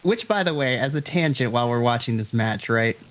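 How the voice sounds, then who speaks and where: A man's voice: mid-range voice, animated, fairly quick. A man co-hosting a podcast, joking in casual chat with frequent laughs and blunt remarks. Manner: playful, laughs often, blunt. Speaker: podcast co-host. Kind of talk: casual chat reacting to wrestling.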